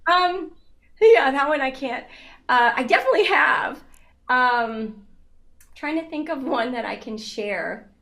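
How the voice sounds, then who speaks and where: A woman in her fifties chats as an interview guest with a bright, high voice. She tells stories with lots of energy, laughing often and filling her speech with "like" and "um". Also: a little slow, pauses often. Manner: animated storyteller, laughs often, many fillers. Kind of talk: casual interview chat.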